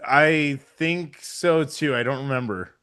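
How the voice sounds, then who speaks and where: A man's voice: fairly high pitch, pushed and bright, clear, resonant tone. A man co-hosting a podcast, chuckling a lot and chiming in with short agreements in casual chat. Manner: laughs often, quick agreeing asides. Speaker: podcast co-host.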